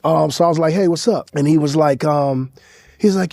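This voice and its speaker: A man, a rapper being interviewed, telling a story in a laid-back, rambling way with a husky voice. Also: fairly high pitch, normal speed, darkish tone, dry recording.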